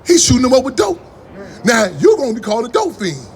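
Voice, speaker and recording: A man delivers a fiery political talk in a very high voice. He talks fast and spins rambling, profane stories. The crowd calls back to him as he goes. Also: sing-song. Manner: profane, rambling storytelling with call-and-response. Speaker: activist speaker.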